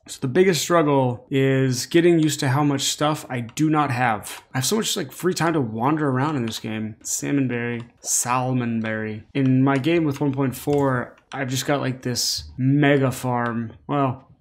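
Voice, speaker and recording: A tired man hosting a relaxed gameplay commentary, sassy and rambling with joking asides. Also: mid-range voice, normal speed, few pauses. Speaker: let's play host.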